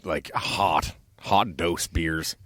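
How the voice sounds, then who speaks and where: A man's voice: deep voice, very slow, fairly bright tone. A man in his forties, a podcast co-host telling crude, laughing travel stories in casual chat. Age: 40s.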